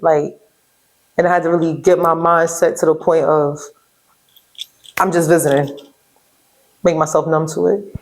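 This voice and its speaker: A young woman from Brooklyn with a New York accent, a guest telling personal stories in a casual interview, animated and acting out the voices of others. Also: deep voice, normal speed, long pauses, rough recording. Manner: animated storyteller, acts out quotes, laughs often.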